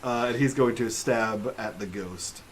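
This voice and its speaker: A man playing a tabletop game who describes his character's moves in an excitable, animated way. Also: fairly low pitch, unhurried, a little hiss or hum. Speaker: player.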